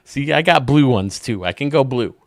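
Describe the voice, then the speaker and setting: A man's voice: medium pitch, lively intonation, moderate pace, no echo, clean studio sound. A male host casually telling dirty jokes and chuckling at his own punchlines. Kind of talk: casual joke-telling chat.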